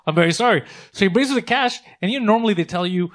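Fast-talking high-voiced man telling stories. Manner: animated, profane, acts out angry exchanges. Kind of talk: casual storytelling chat.

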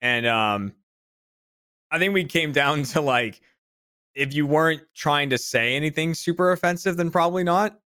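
A man's voice: on the high side, moderate pace, clear, resonant tone, no room sound, studio quality. A man chatting casually on a podcast, telling a story with lots of laughter. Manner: animated storyteller who laughs mid-sentence. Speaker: podcast regular. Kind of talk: casual chat.

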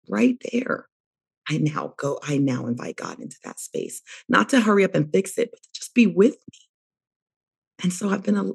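A woman's voice: sits low, gravelly, warm tone, breathy edge. A middle-aged woman therapist, a guest on a podcast interview, talking in a reflective, emphatic way.

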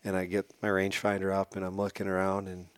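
A man as a podcast guest, telling a hunting story in a casual, animated way and acting out what people said. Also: deep voice, quick pace, no room sound. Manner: animated, acts out quotes.

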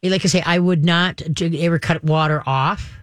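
A man's voice: a little high, steady tone, moderate pace, a bit bright, smooth, dry recording. Folksy, reassuring male radio host. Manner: folksy, reassuring, rambling with many restarts. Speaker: pet advice radio host. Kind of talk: call-in advice.

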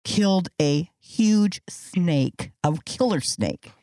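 Brief: storytelling co-host, mid-pitched voice, dry close sound. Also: lively intonation, slow, dark tone, dry recording. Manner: talkative, storytelling, acts out quotes. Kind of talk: casual chat.

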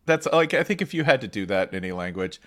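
A man's voice: fairly low pitch, very animated, quick pace, fairly bright tone. A man co-hosting a podcast in casual chat, joking and rambling with frequent restarts. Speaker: podcast co-host.

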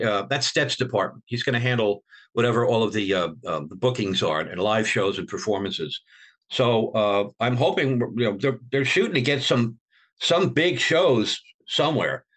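An older man, a veteran rock bassist, tells stories in an interview in a rambling way with many restarts, acting out the people he quotes. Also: normal speed. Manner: rambling, with many restarts, and animated when quoting others. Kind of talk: storytelling in an interview.

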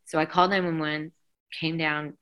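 A middle-aged woman, a singer being interviewed, recounting events in a lively, emotional way and acting out quoted dialogue. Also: sits low, moderate pace, smooth, dull audio. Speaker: guest singer. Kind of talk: conversational interview storytelling.

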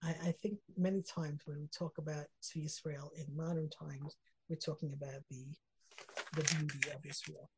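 A woman's voice: deep voice, steady tone, moderate pace, background noise. A middle-aged woman teaching a Torah text study lesson, earnest and reflective, weaving Hebrew phrases into her English explanations and getting emotional about the verses.

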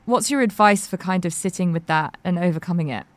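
A woman hosting, narrating in a measured, reflective way between interview segments and asking questions. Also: lowish voice, no echo. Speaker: host, interviewer.

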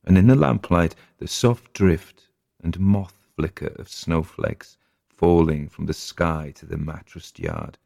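A man reads a short story aloud with very low pitch and a gravelly, creaky texture. His telling is measured and atmospheric. The recording is dry and close, with no room sound. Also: expressive, warm tone, dry recording. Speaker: narrator.

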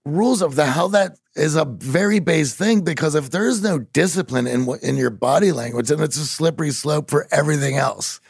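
A man from Pittsburgh telling stories in a podcast conversation, animated and growing emphatic at times. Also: fairly high pitch, brisk, hardly any pauses, dry recording, studio quality. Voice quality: gravelly. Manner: animated storyteller, rising to emphatic bursts.

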